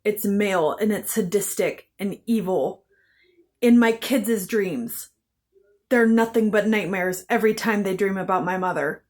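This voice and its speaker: A woman's voice: mid-range voice, unhurried, a little mellow. A woman telling her own story to camera in an intense, bitter way, swearing heavily and repeating phrases for emphasis. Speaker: vlogger. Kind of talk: emotional personal storytelling.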